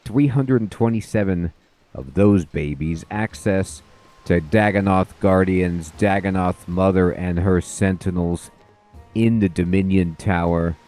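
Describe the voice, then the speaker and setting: A man with a low voice talks through his game session in a loose, chatty way. He thanks viewers in quick, bright bursts. Faint music plays under his voice. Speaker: gaming host. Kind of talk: casual let's play commentary.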